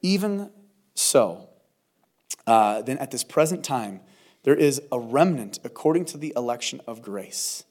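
A man's voice: medium pitch, lively intonation, measured pace, a little mellow. A man preaching as a pastor in a verse-by-verse sermon, talking in a conversational, earnest way with restarts. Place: church service.

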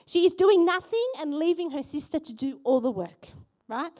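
A woman pastor preaching a sermon in church, animated and asking the congregation questions. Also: sits high, normal speed.

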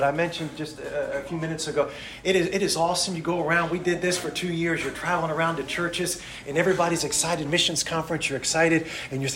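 A middle-aged missionary preacher delivers a sermon in emphatic, rhythmic lists, his delivery swinging from loud to hushed. His voice is a little high, and the recording has an echoey room sound with a little hiss or hum.

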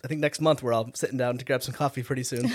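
A man's voice: mid-range voice, steady tone, rapid-fire. A man co-hosting a podcast, chatting casually and animatedly, with frequent restarts and trailing thoughts. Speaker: podcast co-host. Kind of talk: casual chat.

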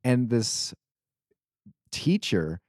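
A man's voice: mid-range voice, sing-song, extremely slow, darkish tone, no room sound, clean studio sound. A man co-hosting a casual podcast, telling rambling anecdotes with frequent restarts. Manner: rambling storyteller, restarts often. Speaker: podcast co-host. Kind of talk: casual chat.

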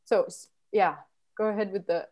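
A woman's voice: mid-range voice, steady tone, normal speed, darkish tone. A woman acting coach giving workshop instructions, encouraging, with stammered restarts and repeated words.

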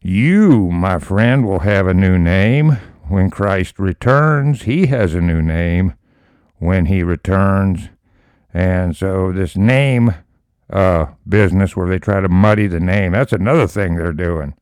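Slow, low-voiced man preaching scripture. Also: a little mellow, smooth, no room sound, clean studio sound. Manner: reads scripture slowly, then comments with emphatic outbursts. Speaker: Bible study teacher. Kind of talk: preaching Bible commentary.

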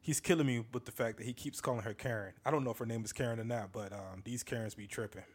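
A man's voice: mid-range voice, steady tone, quick pace, slight background noise. A man hosting a podcast, talking casually and joking as he comments on a video he plays. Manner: laid-back, chatty, amused asides. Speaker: podcast host.

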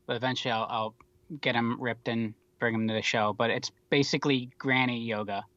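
A man's voice: medium pitch, fairly even intonation, a little fast, fairly bright tone, no room sound. Man with dry wry asides, dull mic. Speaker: podcast co-host. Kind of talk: casual chat.

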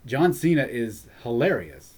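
An opinionated, animated man chatting casually about wrestling, laughing often. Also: medium pitch, unhurried, husky.

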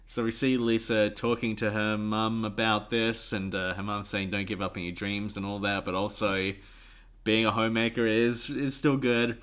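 A man's voice: on the low side, little pitch movement, moderate pace, a bit bright, smooth. Jokey man co-hosting a podcast. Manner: jokey, punning, laughs often. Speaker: podcast co-host. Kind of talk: casual chat.

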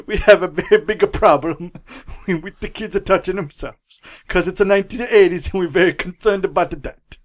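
A man's voice: sits high, normal speed, few pauses, natural voice. A man voicing a fretful old Italian Pope in a put-on exaggerated Italian accent, pleading in broken English.

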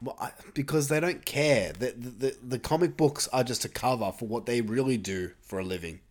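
Rambling, profane male podcast host. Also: medium pitch. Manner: rambling, profane, voices characters in quick asides. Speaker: podcast co-host retelling a movie. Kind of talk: casual chat.

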